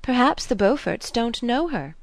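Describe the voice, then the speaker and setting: A woman's voice: on the high side, very animated, a little slow, no echo, voice pushed up. A woman reading a novel aloud, voicing a chatty young society woman who speculates with artless malice. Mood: sly. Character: high-strung gossipy young society woman.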